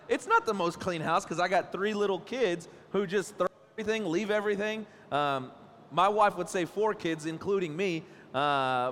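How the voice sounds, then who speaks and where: A man in his thirties preaching a sermon in church, joking and telling stories about his family. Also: sits high. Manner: playful, joking, animated storytelling. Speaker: pastor. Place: church stage. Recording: church hall reverb.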